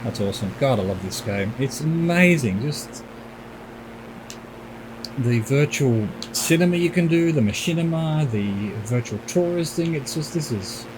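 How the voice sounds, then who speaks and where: A man's voice: medium pitch, lively intonation, measured pace, noisy background. A middle-aged Australian man giving gameplay commentary as a streamer, musing and talking himself through what he is doing at home.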